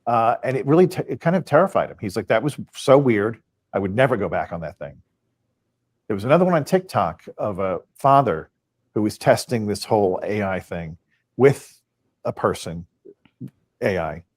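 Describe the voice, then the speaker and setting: A man's voice: fairly low pitch, animated, moderate pace. A man on a podcast, casually retelling stories and acting out the quoted dialogue. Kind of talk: casual storytelling.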